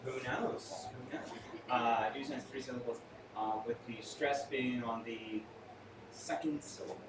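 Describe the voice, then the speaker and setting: A man's voice: medium pitch, steady tone, unhurried. A man performing stage mentalism live for a small audience, with theatrical, playful patter and joking asides to the crowd. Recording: echoey room, far from mic, audience noise.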